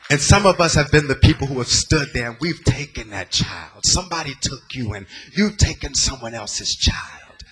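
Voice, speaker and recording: A man preaching a sermon to a congregation, rising to loud exhortation and dropping to hushed, near-whispered storytelling. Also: mid-range voice, expressive, normal speed, few pauses, crowd noise. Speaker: pastor. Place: church sanctuary before a congregation.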